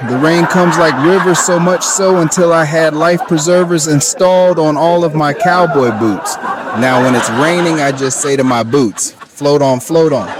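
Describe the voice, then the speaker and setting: Young man, stand-up comic, folksy cowboy talk, laughing punchlines, noisy recording. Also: mid-range voice. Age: young adult. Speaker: stand-up comedian. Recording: noisy background.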